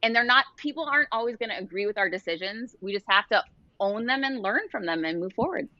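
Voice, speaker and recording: A woman's voice: mid-range voice, fast talker, no room sound, lo-fi sound. A middle-aged woman, a guest author, telling stories in a casual interview and acting out quoted dialogue. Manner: animated storyteller, acts out quoted dialogue.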